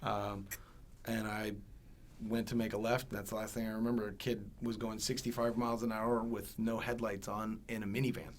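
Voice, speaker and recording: A man hosting a podcast who tells a personal story in casual chat and gets loud when he acts out other people. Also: lowish voice, flat delivery, moderate pace, slight background noise. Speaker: podcast host.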